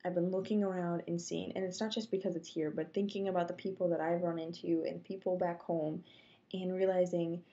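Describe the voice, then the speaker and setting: A young woman tells a story in a casual vlog, slipping into whispers and high squeaks as she acts out her own thoughts. Her voice is gravelly and mellow. The recording sounds dull and lo-fi. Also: little pitch movement, a little fast. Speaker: vlogger.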